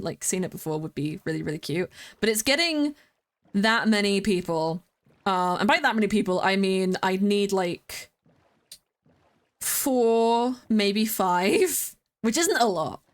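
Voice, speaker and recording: A young woman chatting casually on a livestream. Her talk rambles with fillers and self-corrections, and she breaks into excited squeals when greeting viewers. Her voice sits at an ordinary middle pitch. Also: moderate pace. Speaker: streamer. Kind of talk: casual chat with stream viewers.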